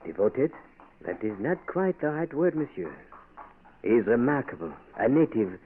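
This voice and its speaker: An actor playing a suave cynical doctor, old radio. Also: male voice, medium pitch, big pitch swings, normal speed, lightly acted. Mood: sardonic. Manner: suave, ironic, keeps saying monsieur. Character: cynical male French-educated doctor, smooth aide. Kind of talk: 1940s radio acting. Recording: tinny old radio broadcast with faint hiss.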